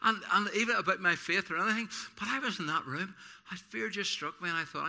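Male pastor in a church service; lively, self-deprecating storyteller with a sharp, bright tone. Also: high-pitched, quick pace, gravelly. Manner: animated, self-deprecating storyteller, repeats words and restarts. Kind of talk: sermon with personal anecdotes.

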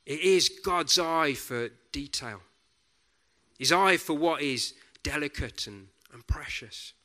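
A man preaching a sermon in a deliberate, reflective way, often dropping to a soft hush on key words. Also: fairly high pitch.

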